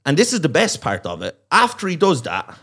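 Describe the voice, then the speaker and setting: A man's voice: fairly high pitch, huge pitch swings, a little fast, fairly bright tone, slightly rough. A man telling a long, profane story on a comedy podcast, acting out the voices of the people in it. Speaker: comedian guest.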